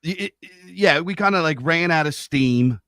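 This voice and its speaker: A middle-aged podcast host from Pennsylvania, with the accent to match, rambles through stories in a casual chat and swears freely. His voice is on the high side, a bit bright, clear and resonant, at a moderate pace, captured dry on a studio mic during a live stream.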